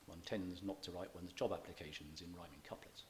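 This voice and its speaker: A man giving a public lecture on reading poetry. He explains in a measured way, with dry self-deprecating humour. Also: deep voice, steady tone, a little hiss or hum. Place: church event.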